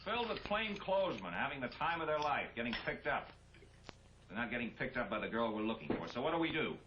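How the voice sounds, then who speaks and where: An actor playing a weary, exasperated city police chief with a sardonic manner. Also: male voice, mid-range voice, very animated, fast, natural voice. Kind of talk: 1960s TV drama acting. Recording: dull old TV soundtrack, hiss.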